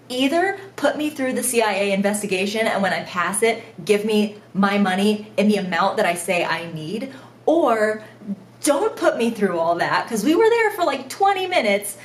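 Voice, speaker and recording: A woman's voice: medium pitch, moderate pace, reverberant, a little hiss or hum. Woman telling a laughing storytime. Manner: animated, self-mocking storytelling with frequent laughs. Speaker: vlogger. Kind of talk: storytime vlog.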